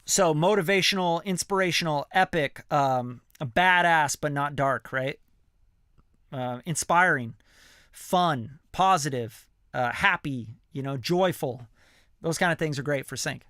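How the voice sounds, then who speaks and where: A man's voice: fairly high pitch, unhurried, sharp tone, clean tone, no room sound, clean studio sound. A man, a music producer, answering viewer questions in a loose, slangy livestream chat full of fillers. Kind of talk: casual livestream Q&A.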